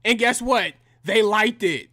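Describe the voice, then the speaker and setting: A man's voice: high voice, a little slow, sharp tone. A young man delivering a heated, profane and combative reaction rant in slangy language. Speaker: reaction commentator.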